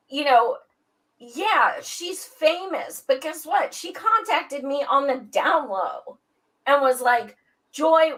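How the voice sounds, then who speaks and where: Woman, high-pitched, blunt and emphatic, swears freely, casual panel chat. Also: fairly bright tone, low-quality recording. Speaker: podcast guest.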